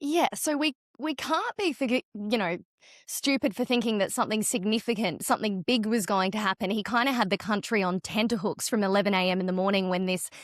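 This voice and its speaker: An Australian woman co-hosting a news podcast, chatty and wry with a sarcastic edge. Her voice sits at a middle pitch, and the close studio mic leaves it dry and free of room sound. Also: brisk, dry recording. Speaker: podcast co-host and journalist. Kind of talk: casual news chat.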